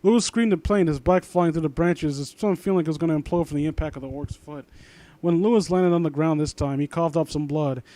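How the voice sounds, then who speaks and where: A man's voice: fairly high pitch, quick pace, mellow. A young man reading fan fiction aloud and breaking off into rambling, sarcastic commentary. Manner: rambling, sarcastic asides, trails off.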